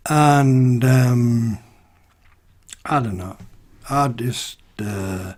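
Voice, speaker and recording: A man's voice: mid-range voice, drawn-out words, a little mellow. A man from the UK ranting to camera in a casual vlog, exasperated and rhetorical, constantly asking "right?". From United Kingdom. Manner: exasperated, rhetorical, peppered with "right?" and "you know". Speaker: vlogger. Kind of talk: casual opinion rant to camera.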